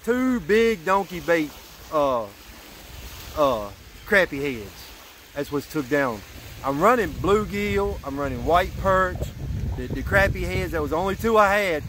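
A man vlogging from a riverbank at night, excitable and out of breath after a catch, saying "y'all" a lot. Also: a little high, unhurried, slight background noise. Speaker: fishing vlogger. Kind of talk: excited outdoor vlog talk.

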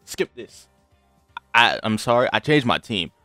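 A man's voice: mid-range voice, big pitch swings, measured pace, sharp tone, no echo, soft background music. A young man giving casual gameplay commentary, trash-talking his opponent and swinging from grumbling to hype. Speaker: gaming channel host. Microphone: desk mic with game audio.

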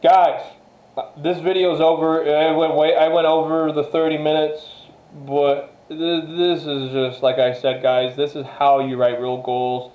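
A man's voice: fairly high pitch, little pitch movement, unhurried, a little mellow. Emphatic man in an echoey room. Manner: emphatic, repetitive, swears freely, talks straight to viewers. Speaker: motivational vlogger. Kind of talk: casual motivational monologue.

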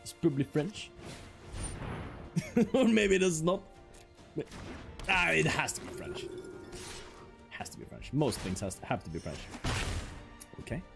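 A man's voice: on the high side, wildly swooping pitch, unhurried, vocal fry, pauses often, music in the background. A man streaming a card game, chatting casually and joking as he plays. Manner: playful, joking, laughs often, mock-French asides. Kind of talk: casual gameplay commentary.

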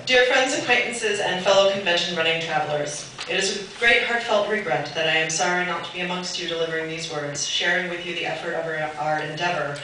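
A woman's voice: fairly low pitch, background noise. A woman presenting a convention bid, reading a prepared letter aloud to a panel and breaking off now and then to laugh and ad-lib. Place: convention meeting room. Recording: echoey hall from far off with loud ambience.

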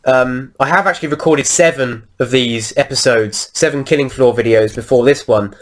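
Rambling gaming commentator. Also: male voice, mid-range voice, normal speed. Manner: rambling, lots of ums and restarts while he plays. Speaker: gameplay video host. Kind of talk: casual game commentary.

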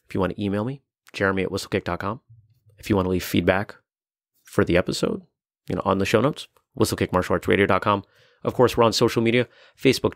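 Earnest low-voiced male podcast host. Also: no echo, clean studio sound. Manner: earnest, reflective, conversational. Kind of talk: solo podcast monologue.

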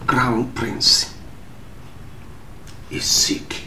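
An actor playing a secretive chief in a royal court, speaking with a Nigerian accent in a slow, grave, hushed manner. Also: male voice, medium pitch, animated, echoey room, slight background noise.

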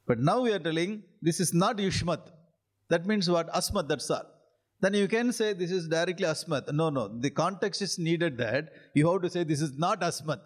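In a lightly raised, slightly high voice with lively intonation, a male spiritual teacher with an Indian English accent conducts a scripture class. He delivers Sanskrit lines slowly and deliberately before explaining them in simple repeated phrases, chuckling as he checks whether students are keeping up.

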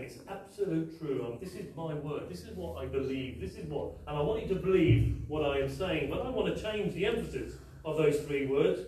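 Echoey preacher in a church hall. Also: male voice, high voice. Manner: emphatic, repetitive rhetorical questions. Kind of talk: sermon. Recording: very echoey hall, mic far off.

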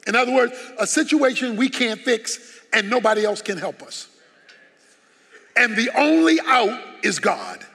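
Man preaching, very high voice, forceful and emphatic, long church reverb. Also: very animated, unhurried, husky. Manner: emphatic preaching with rhetorical questions. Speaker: pastor. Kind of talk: sermon.

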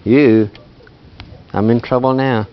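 A man teaching a language class, talking in a relaxed, chatty way and laughing often. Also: medium pitch, slow pace, dull audio, a little hiss or hum. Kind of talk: classroom lesson.

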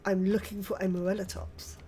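An older British woman hosting her own gaming channel, chatting excitedly through gameplay and with friends on voice chat. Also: medium pitch, a little hiss or hum. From United Kingdom. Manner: chatty, excitable, quick exclamations. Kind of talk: casual gameplay commentary.

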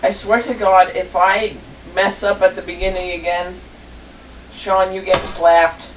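A guest commentator on an online sim race who jokes around, given to loud outbursts and playful teasing. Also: mid-range voice, level tone, measured pace, reverberant, noisy background. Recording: distant mic.

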